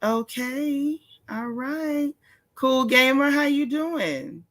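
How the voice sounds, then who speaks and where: Woman running a gossip livestream, chatty, kinda high voice, greets folks one by one. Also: animated, fairly bright tone. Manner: chatty, greets viewers by name, drawn-out repeated phrases. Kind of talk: casual live-stream chat.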